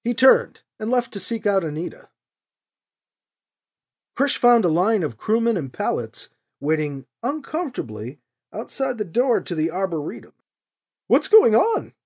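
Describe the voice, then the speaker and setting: Woman audiobook narrator, husky, very lively pitch, expressive. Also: normal speed. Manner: expressive storytelling. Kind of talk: scripted narration.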